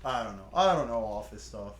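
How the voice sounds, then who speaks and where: A man's voice: fairly low pitch, animated, a little fast, crowd noise. Dry, teasing man in an echoey room. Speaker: co-host and spectator. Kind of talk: casual let's-play banter. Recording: roomy echo.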